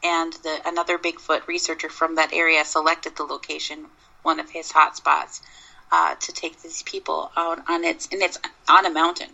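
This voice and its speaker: A woman from Minnesota with a bright, gravelly voice that sits a little low. She tells long stories in a relaxed interview, circling back with restarts and fillers as she goes. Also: moderate pace, lo-fi sound. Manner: rambling, with many restarts and fillers. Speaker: Bigfoot researcher guest. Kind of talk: casual interview storytelling.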